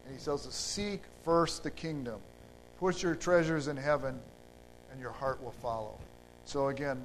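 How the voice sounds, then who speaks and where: A man preaching a sermon in an unhurried, halting way, with fillers and restarts. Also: mid-range voice, slight background noise, low-quality recording.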